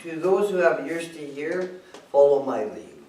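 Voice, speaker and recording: A man's voice: fairly high pitch, animated, unhurried, a little mellow, a little hiss or hum. A man giving a casual, joking club speech at a meeting. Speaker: club speaker. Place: meeting room. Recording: echoey room, far off.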